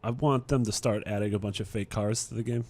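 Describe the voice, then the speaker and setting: A man's voice: fairly low pitch, a little fast. A man co-hosting a casual gaming podcast, joking around in loose conversation. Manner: jokey, lively. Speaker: podcast co-host.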